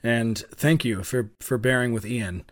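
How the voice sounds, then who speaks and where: Man, young adult, podcast co-host, casual chat, rambling, filler-heavy, medium pitch. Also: a little slow. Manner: rambling storyteller with many fillers and restarts.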